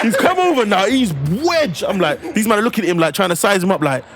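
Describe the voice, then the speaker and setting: A man's voice: high voice, big pitch swings, quick pace, few pauses, very noisy. A young man with a London accent telling a comic story, acting out the voices of the people in it and laughing as he goes. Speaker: panel guest telling a story. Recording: music and laughing crowd behind.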